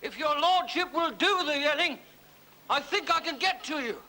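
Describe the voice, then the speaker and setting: An actor playing a loyal, formal English manservant, deferential and steady in his speech, in a 1970s TV crime drama. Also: very high-pitched, moderate pace, exaggerated voice, rough recording. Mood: urgent steady. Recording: 1970s TV film sound, light hiss.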